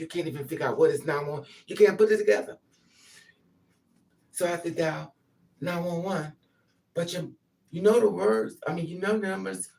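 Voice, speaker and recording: Grieving mother, impassioned and repetitive monologue; gravelly timbre, recorded from a distance. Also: fairly low pitch, a little mellow. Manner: impassioned, repetitive, acts out pleading quotes. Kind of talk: emotional spoken monologue.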